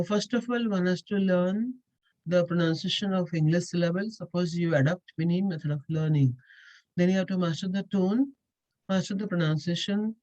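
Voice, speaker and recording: A woman's voice: on the low side, mellow, dull audio. A woman teaching a language lesson, explaining step by step and repeating key points. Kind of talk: explanatory lecture.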